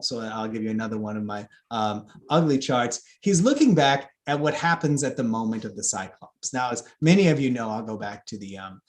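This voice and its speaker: A man, a classics scholar, explaining ideas in a thoughtful lecture talk, often pausing with ums and restarting sentences. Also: medium pitch.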